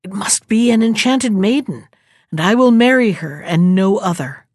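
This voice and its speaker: A woman's voice: medium pitch, lively intonation, moderate pace, darkish tone, dry recording, clean studio sound, natural voice. A woman voicing a smitten, resolute young royal man in a storybook reading. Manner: firm declaration.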